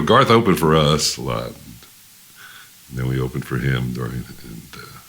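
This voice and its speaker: A man's voice: extremely low pitch, gravelly, fairly bright tone. An older man, a veteran musician, telling rambling backstage stories in an interview, full of restarts and chuckles. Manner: rambling anecdotal storyteller, many restarts and laughs. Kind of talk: storytelling interview.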